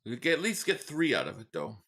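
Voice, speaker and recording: A man's voice: medium pitch, wildly swooping pitch, fast, sharp tone, husky. A man from the Philadelphia area live-streaming a football game, rambling in casual chat, reading out viewer messages and giving blunt fan opinions.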